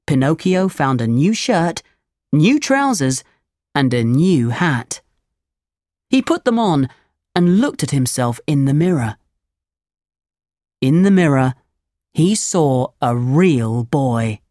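A woman reading a children's storybook aloud, slow, clear and expressive. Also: deep voice, no room sound, studio quality.

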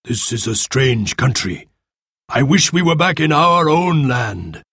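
Stern proud chief giving orders, slow and steady, guy narrating does him. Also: medium pitch, husky, no echo, studio quality, exaggerated voice.

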